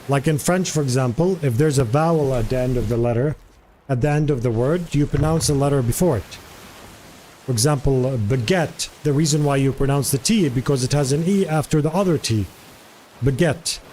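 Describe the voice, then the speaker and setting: Male streamer, casual live chat, mid-pitched voice, repeats words to practice, faint background noise. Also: dark tone. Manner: curious, chatty, repeats words aloud to practice pronunciation.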